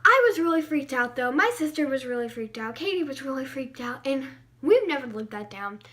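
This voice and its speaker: A woman vlogger telling a story time tale with animated, dramatic delivery. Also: sits high, a little fast.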